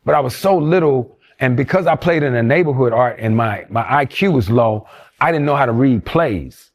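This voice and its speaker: A man's voice: medium pitch, normal speed. A man, telling stories from his youth in an interview and acting out the voices of the people he quotes. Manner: animated storyteller who acts out quoted voices. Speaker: interview guest. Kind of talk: storytelling interview.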